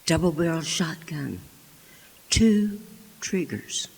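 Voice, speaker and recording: A woman storyteller performing a childhood tale live, animated, with sound effects and hushed whispered asides. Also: low voice, takes it slowly, creaky, a little hiss or hum. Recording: echoey hall with long reverb.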